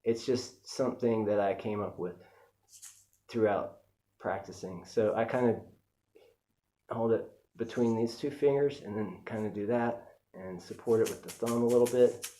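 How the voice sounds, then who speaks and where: Man, casual instructor, mellow voice, relaxed and conversational. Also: on the low side, normal speed. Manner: relaxed, chatty, with fillers. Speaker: music teacher.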